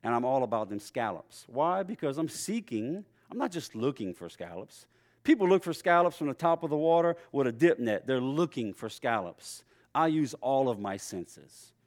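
A middle-aged man preaching a sermon in a conversational storytelling way, with lively swings in his voice. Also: mid-range voice, moderate pace. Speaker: pastor.

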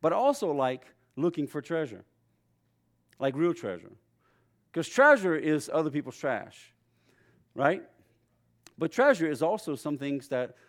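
A middle-aged man preaching a sermon in a conversational storytelling way, with lively swings in his voice. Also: mid-range voice. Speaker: pastor.

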